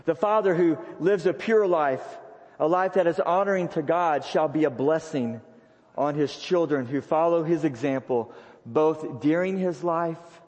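A man's voice: on the high side, darkish tone, dull audio. A man preaching a sermon to fathers in a large sanctuary, stressing key lines by repeating them. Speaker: pastor. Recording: long hall reverb in a big sanctuary.

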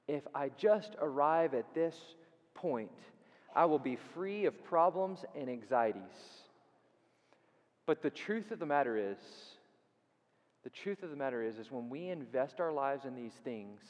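A man preaching a sermon as pastor, swinging from loud and quick to hushed and drawn out, repeating phrases and asking his listeners questions. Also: medium pitch. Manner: repeats phrases for emphasis and asks the audience questions. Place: church sanctuary. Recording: long reverb in a church hall.

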